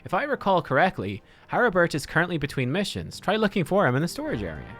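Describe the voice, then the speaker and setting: A man voicing an earnest, formal young male scholar, reading game dialogue in a measured, old-fashioned way. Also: fairly high pitch, wildly swooping pitch, a bit bright, voice pushed up, full character voice.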